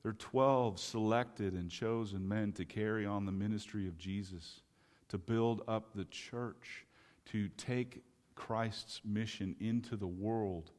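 A man's voice: fairly low pitch, slow pace, darkish tone. A man preaching a sermon with fervent rhetorical questions. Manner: impassioned, rhetorical questions, acts out quoted voices. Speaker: pastor. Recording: long hall reverb.

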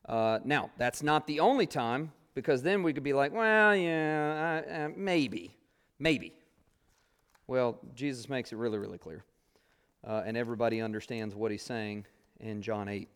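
A man's voice: medium pitch, a little fast. A man teaching a Bible class, reading scripture aloud and explaining it in a conversational way with many fillers.

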